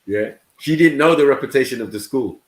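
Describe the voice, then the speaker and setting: Animated and fairly quick, this mid-range voice belongs to an English man hosting a live panel. In a casual chat recorded in an echoey room, he shares stories of growing up and frequently asks "you know what I mean."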